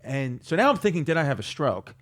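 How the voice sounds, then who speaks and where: A man from Queens, a comedian guest telling a story in an animated, self-mocking way. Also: on the high side, brisk. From New York, Queens. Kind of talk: storytelling on a talk show.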